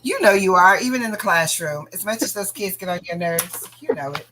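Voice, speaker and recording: A woman hosting a casual crafting livestream, chatting to viewers in an animated, bubbly way. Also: fairly low pitch, brisk, a little hiss or hum, low-quality recording.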